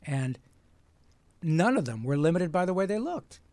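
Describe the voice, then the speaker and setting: A man in his sixties from Michigan, a voice actor guest telling lively stories in conversation and slipping into playful character voices. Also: fairly high pitch, moderate pace, no echo. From Michigan, USA. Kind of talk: animated storytelling in conversation.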